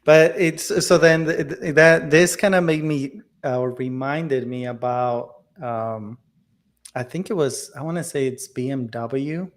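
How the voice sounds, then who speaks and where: A man's voice: mid-range voice, fairly even intonation. A man co-hosting a tech podcast, talking casually with many fillers and restarts. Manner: halting, many fillers and restarts, laughs often. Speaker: podcast co-host.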